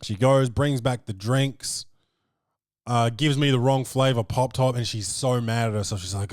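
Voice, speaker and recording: A man hosting a comedy podcast, telling a story with loud, animated energy and plenty of swearing. His pitch sits in an ordinary middle range. The sound is dry and close, with no room echo. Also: normal speed. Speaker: podcast host. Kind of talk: comic storytelling.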